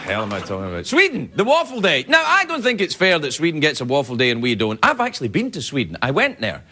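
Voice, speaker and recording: A man, hosting a late-night talk show and delivering a comic monologue in a playful way, breaking into shouts. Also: fairly high pitch, fast, a faint crowd. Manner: playful, lively, bursts into shouts and mock voices. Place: TV studio with live audience. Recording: loud studio audience laughter and noise.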